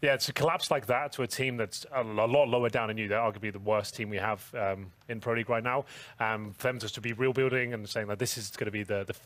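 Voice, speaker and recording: A man giving analytical esports commentary at a studio desk, talking quickly with fillers and restarts. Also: fairly low pitch, fairly even intonation, fairly bright tone, dry recording. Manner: fast, analytical, with many fillers. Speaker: esports caster.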